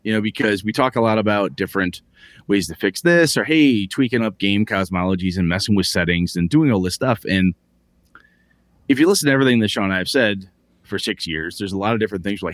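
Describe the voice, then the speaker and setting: Man, 40s, lowish voice, profane ranting co-host, dry studio sound. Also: lively intonation, a little fast, no echo. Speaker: podcast co-host. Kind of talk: casual podcast chat.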